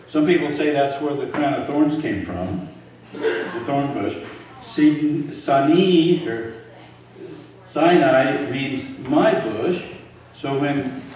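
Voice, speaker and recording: A man's voice: medium pitch, a little mellow. Older man teaching in an echoey hall. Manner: conversational, quizzes the audience with questions. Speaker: Bible teacher. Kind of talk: informal Bible teaching to a live group. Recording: very echoey room, voice from far off.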